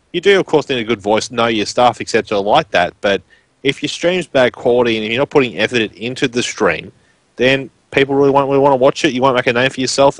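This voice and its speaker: A man's voice: medium pitch, fairly bright tone, no echo. A man with a broad rural Queensland Australian accent, chatting casually and rambling on a live stream as a guest commentator. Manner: rambling, informal, filler-heavy.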